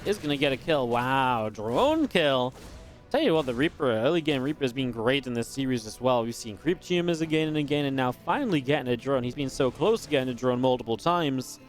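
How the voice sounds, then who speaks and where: An esports caster gives quick, excitable live play-by-play of a strategy game match, full of restarts and filler words. His voice is mid-range, with faint music playing behind him.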